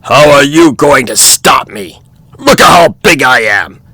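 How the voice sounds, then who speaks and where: A man voicing a big, heavy, stubborn male buffalo with a gravelly voice. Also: medium pitch, expressive, a little slow, pushed and bright, no echo, heavily acted. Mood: defiant.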